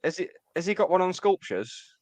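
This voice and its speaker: A man's voice: sits high, big pitch swings, moderate pace, a little mellow, no room sound. A man co-hosting a casual music podcast, speaking hesitantly with stumbling repeats. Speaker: podcast co-host.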